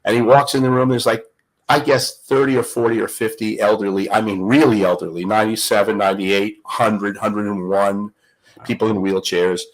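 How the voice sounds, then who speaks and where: A man's voice: fairly low pitch, fairly even intonation, moderate pace, rough recording. An older man, a guest on the show, telling stories in a dramatic, emphatic way. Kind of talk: animated storytelling.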